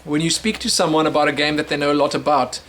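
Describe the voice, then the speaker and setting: A young South African man hosts a casual webcam show, fielding viewer questions in a rambling, chatty way full of fillers and self-corrections. His voice sits on the high side and sounds a bit bright. He talks fast with fairly even intonation.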